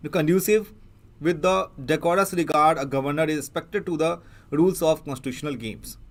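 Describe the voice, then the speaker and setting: A man with an Indian English accent teaching an exam prep lesson, explaining as he goes and pausing often with fillers and restarts. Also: on the high side. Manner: halting, many fillers and restarts. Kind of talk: newspaper analysis lecture.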